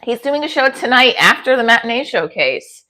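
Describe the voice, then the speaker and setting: A forty-something comedian with a New Jersey accent talks casually on a kitchen livestream, answering comments aloud. Her voice is on the high side, very animated, pushed and bright, at a moderate pace.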